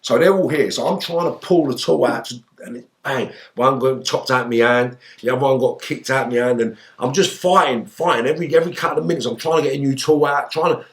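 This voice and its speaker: A man, a guest in an interview, telling a story in lively, swearing style and acting out the lines he quotes. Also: mid-range voice, fast, hardly any pauses. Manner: animated, swearing, acts out shouted quotes.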